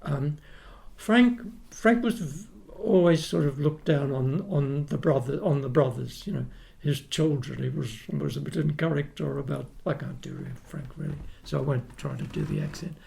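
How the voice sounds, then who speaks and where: An older man with an Australian accent chats easily, spinning one anecdote into the next. His voice sits a touch high and carries a gravelly crackle. He often loops back and restarts his sentences before carrying the story on. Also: normal speed, hardly any pauses, a little mellow. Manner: rambling anecdotes with frequent restarts and laughs. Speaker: guest, retired opera tenor. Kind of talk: casual chat, storytelling.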